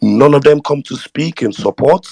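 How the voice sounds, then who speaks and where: Nigerian man, gravelly voice, dry sound, lively pitch, emphatic co-host. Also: normal speed, no echo. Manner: emphatic and sweeping, mixing English with pidgin. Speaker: co-host of a live audio chat room. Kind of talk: casual live talk-room chat.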